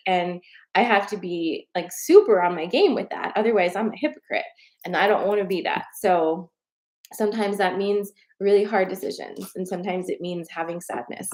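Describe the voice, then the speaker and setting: A young woman chats on a live stream, open and emotional, with tears close to the surface. She swears freely and laughs between thoughts. Her voice sits at an ordinary middle pitch for a woman. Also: normal speed, a little mellow. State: tearful. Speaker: tarot reader and coach hosting a live stream. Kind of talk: casual live-stream chat with viewers.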